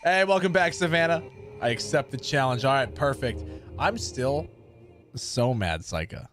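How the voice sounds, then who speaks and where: A man's voice: mid-range voice, animated, normal speed, fairly bright tone, faint music behind. A man in his thirties, a livestream gamer chatting casually with viewers in a sassy, sarcastic way. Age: 30s. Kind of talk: casual stream chat with viewers.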